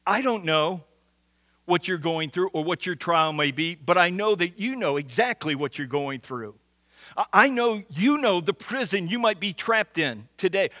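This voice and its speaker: A man preaching a sermon as pastor, earnest, slowing down to stress key lines and often restarting words. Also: sits high, sharp tone, dry recording. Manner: earnest, with frequent restarts and slow emphatic repetition.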